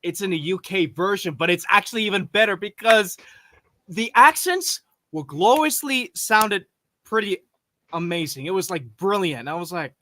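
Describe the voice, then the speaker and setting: A man's voice: sits high, expressive, moderate pace, bright, forceful tone. A young man hosting a reaction channel, chatting eagerly with slang. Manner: enthusiastic, slangy. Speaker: channel host. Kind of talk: casual reaction chat.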